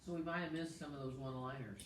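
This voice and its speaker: A woman's voice: very deep voice, quick pace, slight background noise. Woman pastor, casual chat, talking between bites, echoey kitchen, mic set far away. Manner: chatty, talks while eating. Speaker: pastor and co-host.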